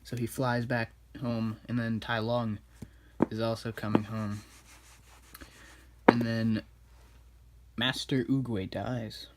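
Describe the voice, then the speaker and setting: A man casually recapping an animated film while he draws. He rambles, loses track and corrects himself. He speaks slowly in an ordinary middle register. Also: mid-range voice, noisy background. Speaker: drawing video maker.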